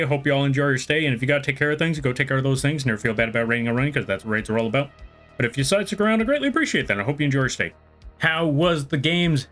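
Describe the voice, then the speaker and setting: A man live-streaming, giving playful, excitable play-by-play commentary and chatting with viewers in rambling asides. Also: a little high. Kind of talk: casual live-stream chat and race commentary.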